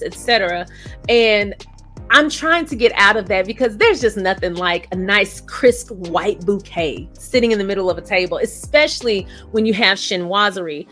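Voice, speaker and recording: A woman casually reviewing a show and telling a funny personal story in a chatty, animated way. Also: mid-range voice. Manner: chatty and animated, laughs while telling stories.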